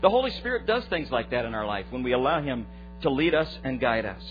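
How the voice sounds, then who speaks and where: A man preaching as a pastor, giving a short devotional in an earnest way that grows lively when he retells a story. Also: mid-range voice, fairly quick, over music. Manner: earnest preaching that turns lively and loud in retold stories. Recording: dull lo-fi recording with faint mains hum.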